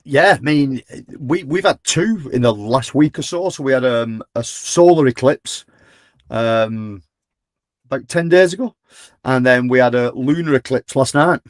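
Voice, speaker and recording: A man's voice: medium pitch, unhurried, no echo. A man from England with a northern English accent, guest co-host on a casual stream, giving brief laid-back replies with occasional swearing. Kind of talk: casual live-stream chat. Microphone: remote video-call stream mic.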